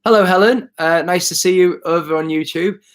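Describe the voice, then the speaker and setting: A man's voice: sits high, a little fast. A man chatting casually on a live stream, showing his bike gear and answering viewer comments as he goes. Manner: chatty, self-correcting, reads out viewer comments. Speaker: cycle touring vlogger.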